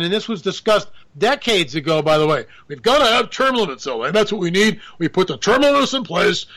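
A man's voice: sits high, bright, forceful tone. A man hosting a radio show, riffing through a sarcastic, rambling political monologue with jokey asides.

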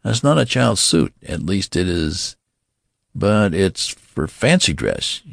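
A man's voice: sits low, sing-song, slow, creaky, no room sound, studio quality, pitched above the performer's own voice, full character voice. A man voicing a puzzled, curious male store clerk in a polite, questioning way, in a story reading.

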